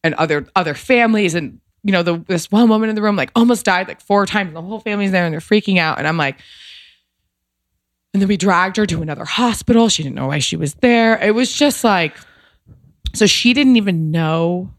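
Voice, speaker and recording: A woman in her thirties speaks frankly as a podcast guest, her story tumbling out with lots of "like" and a casual swear now and then. Her voice sits in a middling pitch, and the sound is dry and close to the mic. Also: expressive, brisk, dry recording. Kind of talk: candid conversational storytelling.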